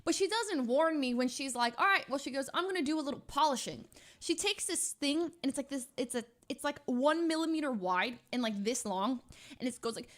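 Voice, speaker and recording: A young adult woman streamer rambling through a casual story, animated and full of filler words. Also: high-pitched, moderate pace.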